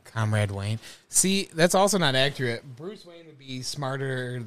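A man's voice: mid-range voice, animated, a little slow, a bit bright, clear, resonant tone. A man co-hosting a casual movie commentary podcast, riffing and joking with friends. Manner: joking, riffing, laughs often. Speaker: podcast co-host.

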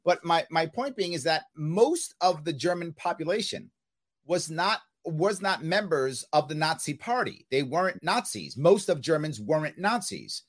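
A man's voice: a little high, normal speed. A man hosting a podcast interview, talking casually and with strong opinions, often checking in with "right?". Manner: animated, opinionated, repeats "right?". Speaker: podcast host.

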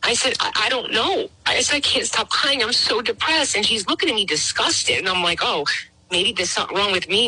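A woman's voice: mid-range voice, sharp tone, breathy edge, rough recording. A middle-aged woman calling in to tell her personal story, emotional and rambling, acting out things she once said. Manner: emotional, rambling, acts out her own past words. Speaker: guest caller. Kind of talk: personal testimony.

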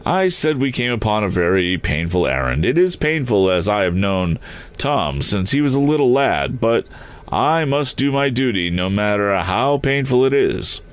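A man's voice: fairly low pitch, big pitch swings, moderate pace, clear, resonant tone, pitched above the performer's own voice. A man voicing a grim middle-aged police chief in a read-aloud story, stammering at first and then firm and testy. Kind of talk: audiobook character voice.

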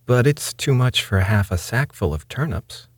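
A man's voice: mid-range voice, expressive, normal speed, slightly rough, dry recording, pitched above the performer's own voice. A man voicing a homely country landlord who speaks in plain, simple words. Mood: plain, bothered. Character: worried, plain-spoken male farmer and landlord.

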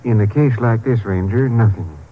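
An actor playing a calm, clinical psychiatrist, in 1940s radio acting on a tinny old broadcast. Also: male voice, on the low side, heavy background noise, lightly acted. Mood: measured. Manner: measured, clinical. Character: measured, professional male doctor.

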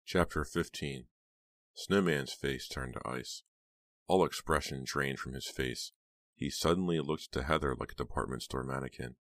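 A man narrating an audiobook in a steady, measured reading. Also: rumbling low, no echo.

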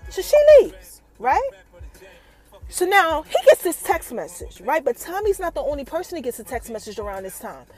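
A woman with a high, bright voice hosts a podcast and recaps a TV episode in loose, slangy talk. Her pitch swings up and down a great deal as she keeps calling out to her listeners. She teases them with questions like she's sharing gossip. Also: sing-song, normal speed, music in the background. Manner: teasing questions to the audience. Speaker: podcast host.

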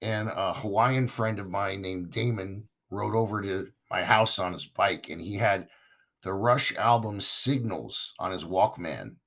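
Hoarse, raspy-voiced male podcast host. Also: low-pitched, unhurried, fairly bright tone. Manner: chatty, enthusiastic, talks straight to listeners. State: hoarse, recovering from lost voice. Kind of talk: casual podcast monologue.

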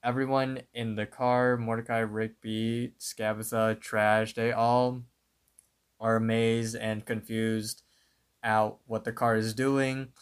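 A man co-hosting a podcast, casually recapping a cartoon episode and telling it in an unhurried way with plenty of fillers. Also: fairly low pitch, flat delivery, clear, resonant tone. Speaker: podcast co-host.

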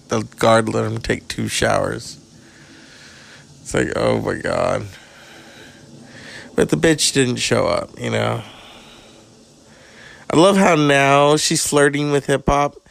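A man's voice: medium pitch, gravelly, a bit bright, dry recording. A man hosting a podcast, delivering a crude, sardonic comic monologue. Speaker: podcast host.

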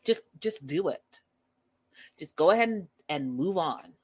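A woman's voice: fairly low pitch, expressive, a little slow, a little mellow, slight background noise. A woman giving blunt, exasperated casual commentary on a reality show, talking straight to the people on it. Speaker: reality TV recap vlogger.

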